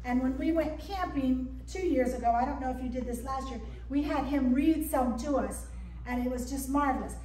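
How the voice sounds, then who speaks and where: A woman pastor reading a story aloud to her congregation in a gentle, expressive storybook manner. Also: sits high. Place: church sanctuary. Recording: echoey church from a distance.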